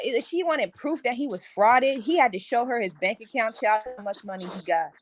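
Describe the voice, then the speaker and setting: A woman's voice: fairly high pitch, moderate pace, few pauses, a little hiss or hum. A woman co-hosting a casual review chat, talking bluntly and animatedly, swearing and laughing. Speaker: co-host.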